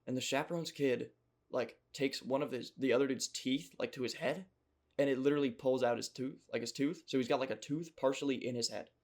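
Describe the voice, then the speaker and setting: A man's voice: mid-range voice, fairly even intonation, brisk, darkish tone. A young man casually telling a rambling, jokey childhood story, full of self-mocking asides.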